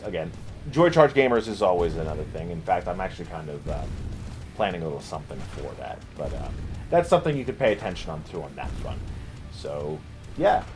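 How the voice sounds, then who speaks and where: A man's voice: lowish voice, a little mellow. A man talking to viewers in an unscripted casual vlog, rambling, self-deprecating, often laughing and swearing. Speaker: video creator.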